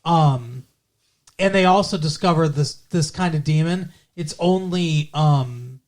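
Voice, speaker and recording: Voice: mid-range voice, a little slow. Rambling podcast co-host recapping an episode. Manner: rambling, filler-heavy retelling. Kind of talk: casual recap chat.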